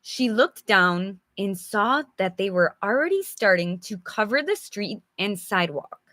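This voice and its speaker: A woman running a live storybook English lesson, speaking slowly and clearly with a bright, clear tone. She is chatty and encouraging, calls out viewers by name, and acts out examples with sighs and groans. Her voice is a little worn, recorded close and dry. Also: medium pitch, expressive, no room sound. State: slightly losing her voice. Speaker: English teacher.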